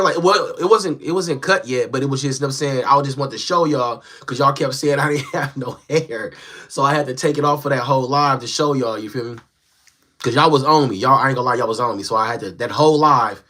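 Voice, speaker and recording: A young man chatting casually on a live stream from a small home setup, reading and answering viewer comments in a relaxed, slangy way. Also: medium pitch, fast. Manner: laid-back, slangy, talks straight to viewers. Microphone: phone.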